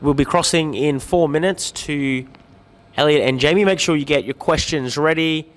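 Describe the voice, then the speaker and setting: A man's voice: a little high, moderate pace. Chatty man hosting a livestream, reverby. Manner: chatty, greets viewers by name, light joking. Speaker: livestream host reading viewer comments. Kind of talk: upbeat live-stream chat.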